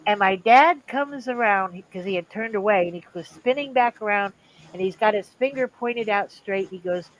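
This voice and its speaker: An older woman hosting a livestream, telling a family story in a casual, animated way and acting out the voices of the people in it. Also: fairly high pitch, brisk, poor audio. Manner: animated, acts out quoted voices. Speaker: livestream host.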